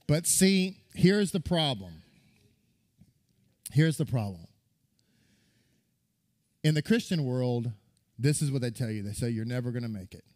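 A male rabbi preaching in an animated, storytelling manner, stumbling and restarting as he goes. His voice sits a bit high for a man. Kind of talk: sermon.

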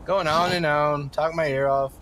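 A man in a roleplay game session voices a foul-mouthed redneck landlord, griping in a slightly high, exasperated drawl. His talk is full of cursing and complaint. A faint hiss of background noise sits under the voice chat. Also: fairly even intonation, moderate pace, a bit bright. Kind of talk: in-character improvised game roleplay.

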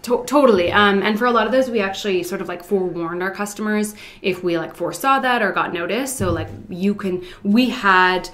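A woman's voice: medium pitch, a little fast, few pauses, a bit bright. Casual woman with filler-heavy speech. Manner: hesitant, many "um" and "like" fillers. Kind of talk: casual chat.

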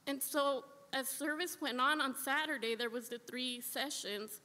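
A woman testifies before the congregation in a church sanctuary, earnest and heartfelt, returning to phrases for emphasis. Her voice is high, pushed, and bright, and she speaks a little slowly. The recording has the echo and long reverb of a church hall.

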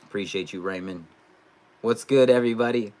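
A young man from California hosting a casual live stream, reading out comments in a loose, chatty way that jumps into loud excitement. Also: on the low side, brisk. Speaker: live streamer, sports fan channel host.

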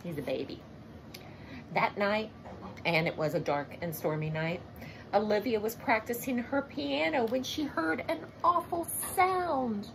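A woman reading a picture book aloud to children, expressive and asking her listeners questions. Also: a little high, measured pace, vocal fry, background noise. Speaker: storybook reader.

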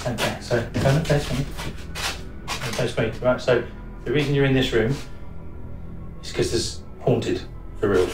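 An actor playing a guide in a haunted attraction who calmly coaxes a blindfolded guest through a room. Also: male voice, medium pitch, moderate pace, lightly acted. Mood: coaxing. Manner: calm, coaxing instructions. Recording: distant, echoey over loud music.

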